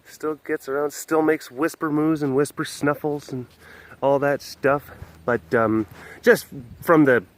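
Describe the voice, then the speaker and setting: A man's voice: a little high, fairly even intonation, measured pace. Rambling man hosting an outdoor webcast. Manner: rambling, filler-heavy, many restarts. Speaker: vlog host. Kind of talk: casual walk-around webcast. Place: outdoor wild animal facility.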